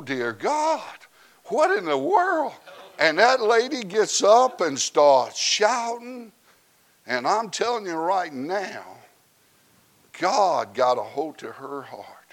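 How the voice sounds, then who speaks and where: A man, preaching a sermon that swings from quiet asides to loud shouted preaching. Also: a little high.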